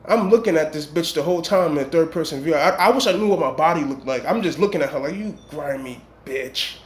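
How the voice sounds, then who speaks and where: A man's voice: on the high side, fast talker, a little hiss or hum. A man telling a long dream story in casual, rambling street slang with emphatic warnings. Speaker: vlogger. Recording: echoey room.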